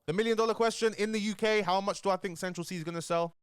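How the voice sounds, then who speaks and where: A young British man talking straight to his audience in a loose, slangy, animated way, his voice sitting a little higher than most men's. The sound is close and dry, with no room around it, like a streamer at his desk mic. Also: racing, clear, resonant tone, no room sound. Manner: chatty and animated, slangy, addresses viewers directly. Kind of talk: casual music commentary.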